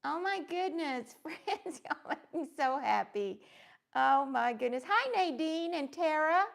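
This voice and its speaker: A woman chats her way through a crafting livestream, warmly rambling and greeting viewers one by one. Her voice sits high, with a gravelly, creaky edge running through it. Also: animated, a little slow. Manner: gushing, greets viewers by name; rambling with many fillers. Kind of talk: casual live-stream chat.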